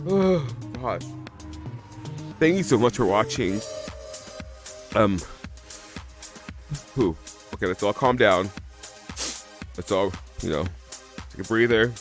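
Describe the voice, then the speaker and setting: Teary, rambling male streamer. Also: lowish voice. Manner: emotional and rambling, reading out follower names. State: teary from crying. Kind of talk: live watch-along reaction stream.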